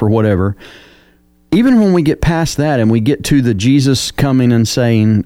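A man's voice: mid-range voice, very animated, moderate pace, warm tone, no echo. A male radio co-host, speaking thoughtfully and searching for words. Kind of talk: reflective radio chat.

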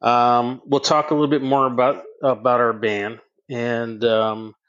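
A middle-aged man with an ordinary mid-range voice, co-hosting a laid-back podcast. He speaks easily and agreeably and often backs up his partner. He steers the talk toward the next topics in a calm way. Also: medium pitch, unhurried, muffled recording. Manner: easygoing, agreeable, laughs along. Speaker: podcast co-host. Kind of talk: casual chat.

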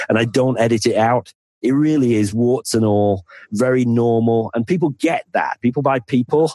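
A man's voice: medium pitch, moderate pace, darkish tone, no echo. A man with a Northern English accent, a podcast guest chatting casually and laughing at himself. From North of England. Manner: chatty, self-deprecating, laughs easily. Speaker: podcast guest, financial planner. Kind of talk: casual interview chat.

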